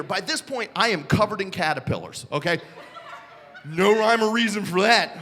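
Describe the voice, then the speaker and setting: A man performing a live stand-up comedy set, telling a story with bursts of shouting and put-on voices. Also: high voice, expressive, normal speed, slight background noise. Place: comedy club stage. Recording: live club recording with long reverb.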